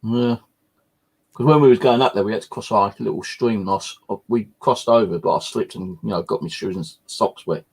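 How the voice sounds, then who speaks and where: A man with a fairly low voice talks casually on his live stream. He rambles through stories with plenty of fillers and swearing. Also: a little fast, a little mellow, breathy edge. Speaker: channel host.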